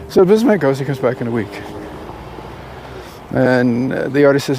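A man telling a parable aloud, unscripted, with halting restarts and fillers. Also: mid-range voice, lively intonation, darkish tone, a little hiss or hum. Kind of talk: oral storytelling of a parable.

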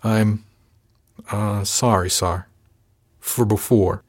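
A man's voice: fairly low pitch, fairly even intonation, very slow. A man voicing a shy young female junior officer on a ship, in an audiobook.

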